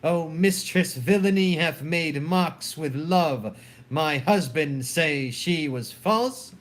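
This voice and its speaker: A fierce, fearless waiting-woman, as a man reads her, hurling urgent accusations in a voice pitched high. The delivery is slow and weighty between the outbursts. A dramatic play reading. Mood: outraged.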